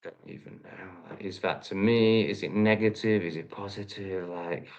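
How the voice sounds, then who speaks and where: A man's voice: on the low side, steady tone, normal speed, lo-fi sound. A man from England with an English accent, ranting angrily and profanely at the critics in his reaction video. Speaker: vlogger. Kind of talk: angry reaction rant.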